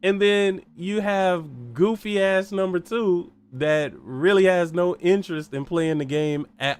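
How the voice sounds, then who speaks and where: A man with a fairly high voice rants through a solo gaming podcast. He is heated, profane and mocking, and keeps hammering at rhetorical questions. Faint music plays softly underneath. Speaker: podcast host.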